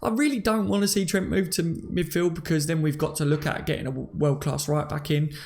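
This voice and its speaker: Brief: Cockney male host, chatty live-stream talker, slightly high gravelly voice, reads out viewer comments. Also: steady tone, a little fast, a little mellow. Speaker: fan channel host. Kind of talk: casual live-stream chat.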